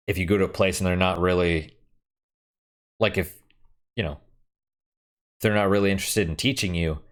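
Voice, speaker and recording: A man's voice: sits low, a bit bright. A young man chatting casually and frankly while playing a game, rambling and swearing now and then. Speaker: gaming streamer.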